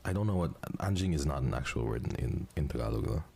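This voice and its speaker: A man bantering on a live stream with an extremely deep voice. His pitch leaps about as he teases his friend, swears freely and laughs often. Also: lively intonation, quick pace, creaky, mellow, husky.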